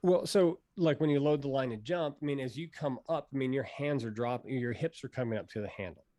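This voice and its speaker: A man who is a pro hydrofoil rider, explaining tricks in a relaxed, rambling way and using many fillers. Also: mid-range voice, a little fast, dry recording. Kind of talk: casual instructional interview.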